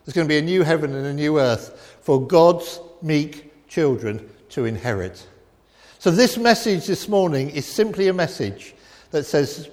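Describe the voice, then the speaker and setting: A middle-aged man preaching a sermon in a church, emphatic and repetitive, swinging between loud declarations and quiet reflection. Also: on the high side, animated, unhurried. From England. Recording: long reverb of a church hall.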